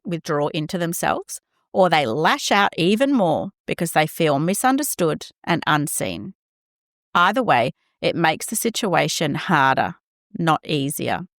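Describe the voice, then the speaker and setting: Gentle, animated woman podcast host. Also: lowish voice, no echo, clean studio sound. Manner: gentle, reassuring, acts out quoted lines. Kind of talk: scripted podcast monologue.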